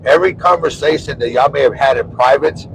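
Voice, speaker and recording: A man hosting a casual chat, earnest and heartfelt, speaking in slow, halting phrases. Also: mid-range voice, slight background noise, low-quality recording. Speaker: host.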